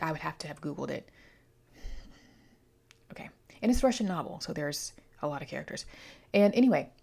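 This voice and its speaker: Female book vlogger, slightly low voice, stuffy from allergies, chatty and playful with rambling asides. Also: creaky, a little mellow. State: congested from allergies. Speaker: book reviewer. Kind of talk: casual vlog book review.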